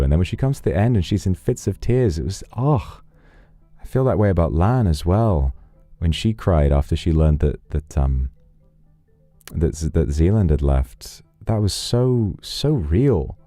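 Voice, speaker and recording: Male streamer, reflective, rambling chat, very low and mellow voice, dry close sound. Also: no echo. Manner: reflective, rambling storytelling with restarts.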